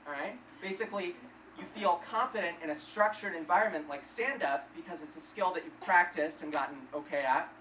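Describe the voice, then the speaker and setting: Young man, stand-up comic, self-deprecating, awkward storytelling, distant mic, roomy club with loud crowd noise. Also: fairly high pitch, fairly quick. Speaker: stand-up comedian. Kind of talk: stand-up comedy set. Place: comedy club stage before a live audience.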